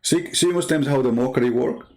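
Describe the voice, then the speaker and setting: A man's voice: mid-range voice, brisk, darkish tone. A man hosting an online show, commenting on a clip with a mocking, sarcastic manner and broken English.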